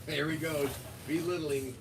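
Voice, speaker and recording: A man's voice: a little high, fairly even intonation, unhurried, creaky, far from the mic. A man working in a shop, needling and teasing a coworker sarcastically, in a store. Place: hobby store. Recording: voice from off mic.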